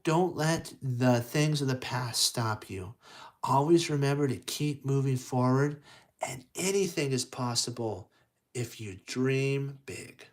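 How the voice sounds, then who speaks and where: A man telling a children's story aloud in a loose, rambling way, often restarting his words. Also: medium pitch.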